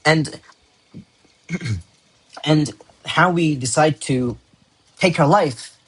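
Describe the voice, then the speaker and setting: A male English teacher explaining essay writing to his students in a husky, slightly breathy voice. He thinks aloud as he goes, repeating key words while building example sentences. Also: fairly high pitch, extremely slow, a bit bright.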